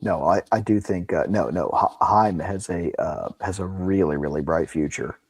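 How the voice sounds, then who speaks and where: A man's voice: deep voice, moderate pace, darkish tone, slightly rough, no echo. A man co-hosting a casual podcast chat, rambling along and agreeing eagerly, often restarting his sentences. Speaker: podcast co-host.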